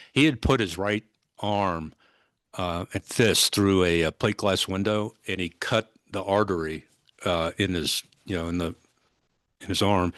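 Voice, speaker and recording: A man in his sixties recounts an old police call as a podcast guest. His voice sits low and sounds dry and close, and his telling is vivid but halting, full of restarts. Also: fairly bright tone, no echo. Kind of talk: conversational storytelling.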